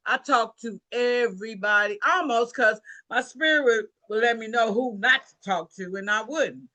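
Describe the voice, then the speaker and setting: A woman's voice: fairly high pitch, normal speed, sharp tone. A woman on a video call, gratefully telling the group about her business win. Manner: grateful, storytelling, says "y'all". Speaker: team member on a training call.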